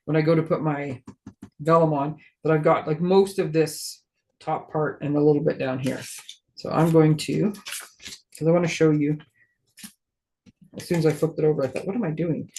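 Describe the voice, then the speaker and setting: Her voice is low and a little mellow, with fairly even intonation, a moderate pace, and long pauses, as she hosts a casual live crafting demo. She's friendly, guiding viewers through each step, thinking aloud while busy with her hands, and lightly mocking her own clumsiness.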